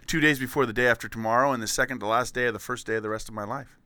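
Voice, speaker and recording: A man's voice: medium pitch, steady tone, racing, bright, forceful tone, dry recording, studio quality. Rambling, goofy man hosting a podcast. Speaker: podcast host. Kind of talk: casual comedy podcast chat.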